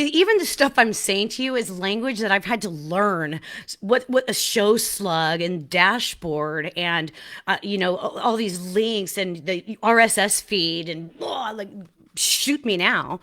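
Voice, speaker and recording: A woman hosting her own podcast in a casual, animated solo talk, laughing at herself and often restarting her sentences. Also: medium pitch. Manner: excited restarts and repeated words. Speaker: podcast host.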